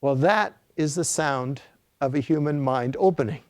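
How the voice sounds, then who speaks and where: A man's voice: a little high, moderate pace, no room sound. An older man giving a talk as an author, telling an anecdote in a storytelling lecture style with frequent fillers and restarts.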